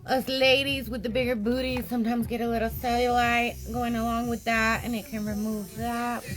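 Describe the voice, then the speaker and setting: A woman's voice: on the high side, level tone, normal speed, soft background music, low-quality recording. A woman co-hosting a casual stream, reading viewer comments aloud and chatting easily. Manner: reads comments aloud, easygoing. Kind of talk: casual chat.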